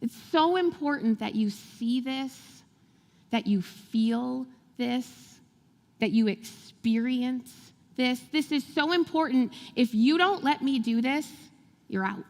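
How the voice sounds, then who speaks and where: A woman pastor preaching a lively sermon that sounds like storytelling, acting out the quotes as she goes. Her voice sits a little high and carries a gravelly fry. The long reverb of a church hall trails after every phrase. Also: slow pace. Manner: animated storytelling with laughs and acted-out quotes. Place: large church sanctuary.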